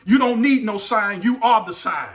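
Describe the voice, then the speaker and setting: A middle-aged man delivers a motivational speech in the style of a preacher, repeating his key lines and pushing the listener to act. His voice sits high and sounds bright and forceful. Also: normal speed, slight background noise. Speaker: motivational speaker.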